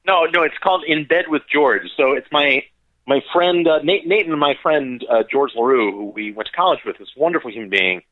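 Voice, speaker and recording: A man's voice: fairly high pitch, a little fast, no room sound. Joking man on a tinny phone line. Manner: rambling, joking, lots of fillers. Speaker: podcast guest on a phone call. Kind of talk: casual chat.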